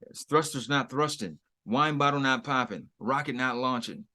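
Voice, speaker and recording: A man's voice: medium pitch, moderate pace, bright, forceful tone. Wry man trading crude quips. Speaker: podcast co-host. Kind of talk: casual recap chat.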